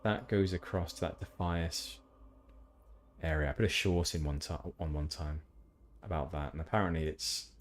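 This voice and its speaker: A man's voice: extremely low pitch, steady tone, normal speed. A man streaming a game, chatting casually with rambling, self-deprecating asides. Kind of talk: casual gameplay commentary.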